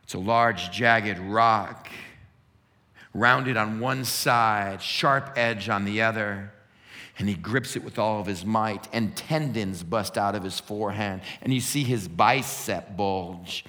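A man's voice: lowish voice, slow pace, sharp tone, in a large hall. A man preaching a sermon, retelling a scene in vivid, dramatic detail. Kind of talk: sermon storytelling.

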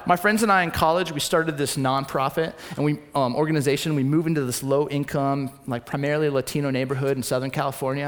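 Young male pastor, high voice, preaching in a church hall with long reverb; dramatic storyteller who drops to a hush. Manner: storytelling, swings between loud and hushed. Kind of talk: sermon.

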